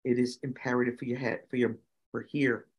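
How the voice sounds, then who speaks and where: A middle-aged woman, a guest on an interview show, telling lively stories with many fillers and giving emphatic advice. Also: a bass voice, fairly quick, husky. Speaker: guest, nonprofit founder and autism parent. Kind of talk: conversational storytelling interview.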